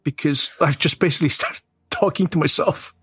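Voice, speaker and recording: A man's voice: fairly high pitch, a little fast, pushed and bright, breathy edge, dry recording, clean studio sound. A man co-hosting a film commentary podcast in casual chat, rambling and self-deprecating, and he swears freely. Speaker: podcast co-host and screenwriter.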